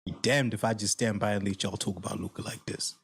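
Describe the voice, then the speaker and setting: A gravelly, slightly rough man's voice on the low side, fairly bright in tone, delivers a quick-paced sports reaction rant with fairly even intonation. He's heated and profane, addressing viewers directly and repeating points for emphasis.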